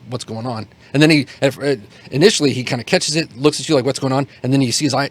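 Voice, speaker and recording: Halting man running a tabletop game. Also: mid-range voice, breathy edge. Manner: rambling, halting, many fillers and restarts. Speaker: game master.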